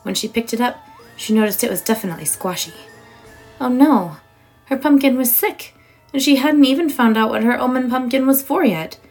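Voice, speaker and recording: A woman reading a children's storybook aloud in an expressive, warm way. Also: a little high, normal speed, rough recording. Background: soft music.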